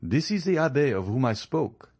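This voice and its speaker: A man's voice: medium pitch, sing-song, moderate pace, darkish tone, no room sound, voice pushed up. A man reading an audiobook who voices a polite, obliging district doctor.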